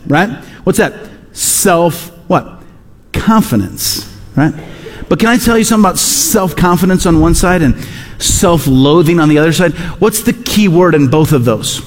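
A man's voice: sits high, animated, normal speed, long reverb tail. A man preaching a sermon as pastor, talking conversationally with rhetorical questions and repeated phrases. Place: church sanctuary.

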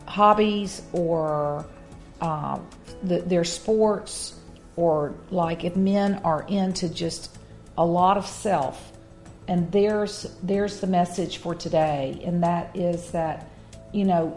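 Earnest woman, lowish voice, soft music. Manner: earnest, with frequent fillers and restarts. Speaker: co-host of a Christian marriage talk. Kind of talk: casual faith-based chat.

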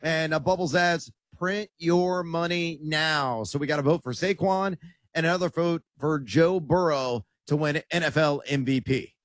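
A man co-hosting a sports betting show, reading viewer picks and pitching his own with playful, colorful phrasing. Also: a little slow, no echo. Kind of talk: casual sports betting talk.

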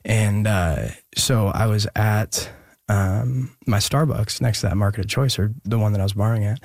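A young man telling a personal story in an interview, halting and earnest with many pauses and restarts. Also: on the low side, gravelly, darkish tone, dry recording, studio quality. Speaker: guest musician.

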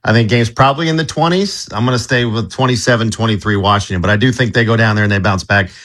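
A man's voice: on the low side, quick pace, a bit bright. A man who is a sports director, talking casually in a live radio preview, with many fillers and restarts.

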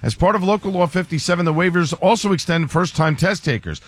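Brisk radio newsreader, dry booth. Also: male voice, sits high, no echo. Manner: brisk, even delivery. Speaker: newscaster. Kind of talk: local news reading.

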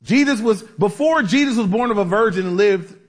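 Man, high voice, sermon, casual preaching, lots of "you know" and restarts. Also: animated, brisk. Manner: conversational preaching with fillers and restarts. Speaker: pastor.

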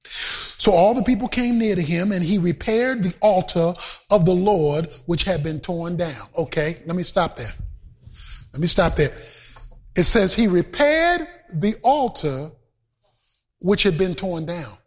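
A man preaching a sermon in a very high, lively voice that swoops up and down as he chants and shouts his points. He takes his time and drawls the words out slowly, then drops into casual joking asides to the congregation. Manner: emphatic, shouting and chanting in a sing-song cadence.

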